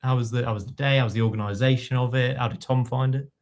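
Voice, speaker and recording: A man's voice: medium pitch, steady tone, fast. A man hosting a football podcast, steering the chat in a wry, teasing way. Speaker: podcast host. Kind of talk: casual chat.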